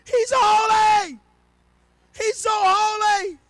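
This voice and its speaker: A towering warrior angel bellows its praise in breathless awe, as a preacher acts it out. The voice sits very high and is pushed to a shout. The sound is dry and close. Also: male voice, fairly even intonation, extremely slow, dry recording, exaggerated voice. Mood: awestruck shouting.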